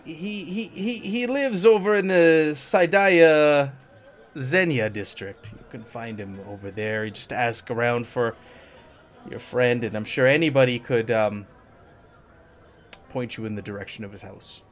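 A man voicing a wary male bazaar shopkeeper in a tabletop role-play, speaking measured and flat. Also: medium pitch, natural voice. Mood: guarded.

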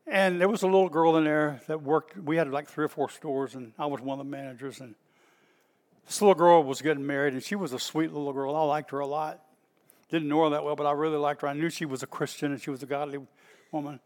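High-voiced Southern pastor telling stories. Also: male voice, long reverb tail. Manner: folksy and animated, stretches words, bursts out loud. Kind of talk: storytelling sermon.

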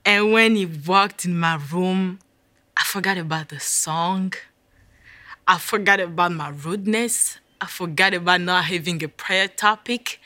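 A woman's voice: lowish voice, measured pace, pushed and bright, no echo. A woman telling her personal faith testimony in an intense, emotional way. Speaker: speaker sharing a testimony.

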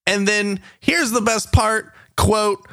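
Brief Male news-reading podcast host, higher pitch, lively, dry sound. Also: slow, vocal fry, no room sound. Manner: wry, newsy read with asides. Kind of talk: reading tech news headlines.

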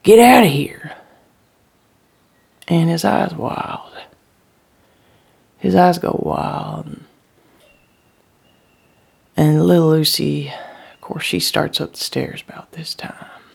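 Slow, breathy, gravelly woman storyteller. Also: low-pitched, steady tone. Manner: hushed, breathy, in regional dialect. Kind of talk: first-person story monologue.

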